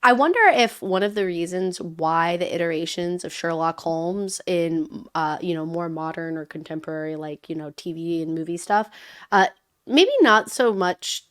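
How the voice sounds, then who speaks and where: A woman's voice: on the low side, moderate pace, clear, resonant tone. A woman co-hosting a casual book-club chat, musing aloud and restarting her thoughts as she goes. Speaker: podcast co-host.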